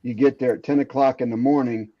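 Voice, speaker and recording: A man's voice: mid-range voice, steady tone, fast talker, dull audio. A man speaking emphatically and matter-of-factly in a casual chat.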